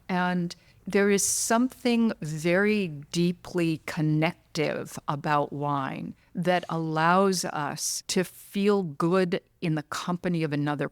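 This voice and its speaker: A woman's voice: on the low side, slow, smooth, no room sound. Earnest woman guest, dry close sound. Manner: earnest, articulate, passionate. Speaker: podcast guest. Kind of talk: conversational interview.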